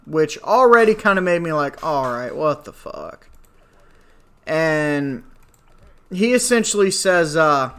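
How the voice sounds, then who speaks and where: A vlogger in his twenties with a fairly high, pushed, bright voice delivers a casual rant to camera. Exasperation and sarcasm run through it, along with free swearing and rambling asides.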